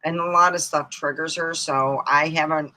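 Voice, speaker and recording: A woman host telling funny family stories on a live stream, animated, often laughing and jumping into high excited squeals. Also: normal speed, rough recording. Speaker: comedic storyteller hosting a live stream. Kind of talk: casual stand-up style family storytelling. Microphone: streaming mic.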